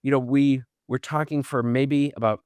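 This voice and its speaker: A middle-aged man from Boston, an actor telling self-deprecating stories as a podcast guest, with halting restarts. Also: medium pitch, fairly even intonation, a little mellow, smooth, no room sound. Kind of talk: casual storytelling interview.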